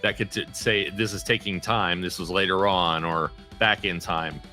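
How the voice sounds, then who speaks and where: Bright-toned joking man. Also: low voice, steady tone, moderate pace, soft background music. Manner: chatty, joking, self-interrupting. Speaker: guest. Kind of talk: casual chat.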